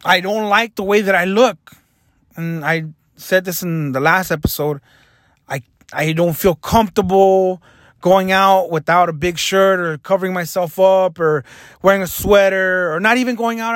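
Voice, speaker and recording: Young male vlogger, high-pitched voice, earnest and self-critical, confessional monologue, dry close mic. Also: a bit bright, no echo.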